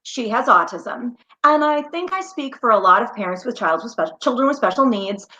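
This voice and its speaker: A woman's voice: a little high, animated, normal speed, sharp tone, muffled recording. A woman being interviewed as a guest, telling her story in an earnest, heartfelt way. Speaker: guest, mother and small business founder.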